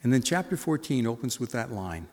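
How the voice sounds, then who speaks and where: A man's voice: medium pitch, very animated, fairly quick, darkish tone, big-room sound. A man preaching a sermon, asking his listeners questions and acting out the voices of the people in the story. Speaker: pastor.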